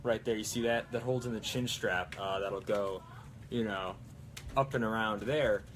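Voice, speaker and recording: A man's voice: lowish voice, fairly even intonation, normal speed, a little hiss or hum. Rambling young man on a live stream. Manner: rambling, lots of fillers and restarts. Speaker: live stream host building props. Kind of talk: casual live stream chat.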